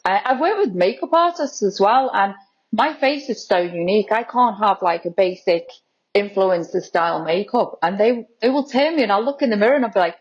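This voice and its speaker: A woman's voice: mid-range voice, breathy edge, highs cut off. Chatty laughing woman guest. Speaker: guest, lookalike model. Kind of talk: casual interview chat.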